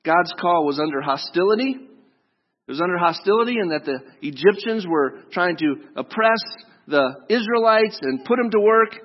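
A man's voice: high-pitched, animated, moderate pace. A man preaching a sermon in a casual, joking way, talking straight to his listeners. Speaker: pastor. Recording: dull lo-fi sound with long hall reverb.

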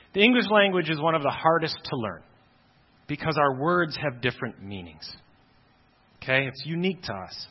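A man's voice: fairly high pitch, husky. Man preaching a sermon in an echoing hall. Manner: emphatic, repeats phrases for stress. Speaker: pastor. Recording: dull, reverberant hall sound.

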